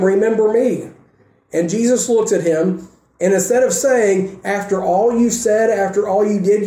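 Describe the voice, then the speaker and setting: High-voiced man preaching in an echoey room. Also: dark tone. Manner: earnest preaching with repeated phrases. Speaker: pastor. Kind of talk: sermon.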